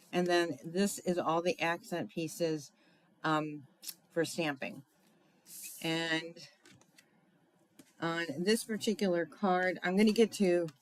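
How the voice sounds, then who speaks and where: Slow-talking chatty woman crafter. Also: on the low side, poor audio. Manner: chatty, thinks aloud with fillers and asides to viewers. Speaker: crafting demonstrator. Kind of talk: casual live craft demonstration.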